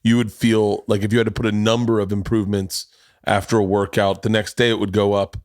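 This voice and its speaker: A podcast host in his forties tells rambling, self-deprecating stories full of restarts in a casual conversation. His voice is lowish and flat, fairly quick, recorded in a clean studio with no room sound.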